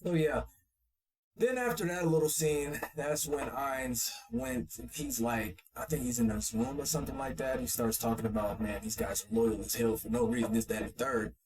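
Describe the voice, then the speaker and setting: A man's voice: mid-range voice, normal speed, darkish tone, rough recording. Laid-back man recapping an anime. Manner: laid-back, rambling, profane storytelling. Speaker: podcast co-host. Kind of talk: casual chat recapping an anime.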